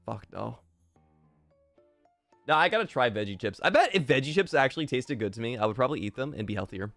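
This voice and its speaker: A young man streaming and casually chatting while reading fan messages, swearing often and jumping into loud outbursts. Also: medium pitch, fairly quick, vocal fry, dry recording, soft background music. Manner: excitable, swears a lot, swings to loud outbursts.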